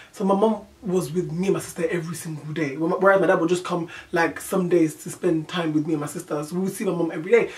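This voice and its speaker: A young woman from Nigeria with a fairly low voice, talking through a personal storytime for her channel. She speaks candidly and haltingly, circles back on her own words and keeps asking the viewer if they follow. The mic sits a little way off. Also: far from the mic. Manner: halting, candid, repeats herself, asks "do you know what I mean". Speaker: vlogger.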